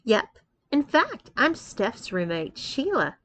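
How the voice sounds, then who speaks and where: A woman's voice: a little high, sing-song, slow, a bit bright, slight background noise, exaggerated voice. A woman voicing a bold, domineering young female college student who talks in a confident, taunting, commanding way.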